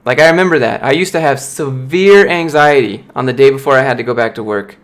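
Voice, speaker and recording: A little fast and mid-range in voice, this young streamer and software developer goes through his chat casually, giving blunt, motivational replies.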